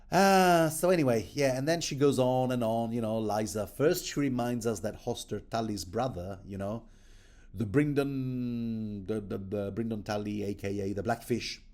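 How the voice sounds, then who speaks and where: A man's voice: fairly low pitch, darkish tone. A man giving a rambling, casual commentary on a book, chatty and digressive and often mocking himself.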